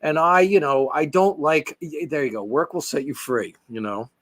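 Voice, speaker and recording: A man's voice: fairly high pitch, normal speed, a little hiss or hum. A man co-hosting a casual podcast, telling stories animatedly and swearing freely. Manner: animated storyteller, acts out dialogue, swears freely. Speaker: podcast co-host.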